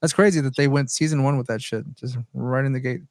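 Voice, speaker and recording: A man of middle pitch co-hosts a podcast in easy, casual chat. He laughs often and swears offhandedly as he reads out his notes. The sound is dry and close. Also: fairly even intonation, fast, no room sound. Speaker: podcast co-host.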